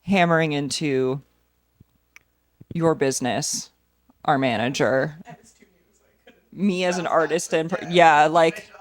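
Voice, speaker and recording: A woman's voice: low voice, slow pace, pauses often. A woman co-hosting a casual podcast, laid-back and making dry asides. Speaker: podcast co-host, tattoo artist. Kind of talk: casual chat.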